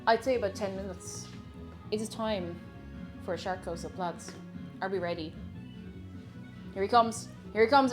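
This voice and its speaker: A woman hosting a live baking stream from her home kitchen, chatty and excitable, laughing often as she greets viewers. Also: fairly high pitch. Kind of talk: casual live-stream chat.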